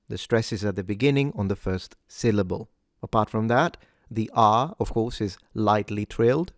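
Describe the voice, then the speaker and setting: A man teaches pronunciation in a somewhat low voice, recorded dry and close with no room sound. He takes it slowly and repeats each sound with care. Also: dry recording. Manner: slow, careful repetition of sounds. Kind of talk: pronunciation lesson.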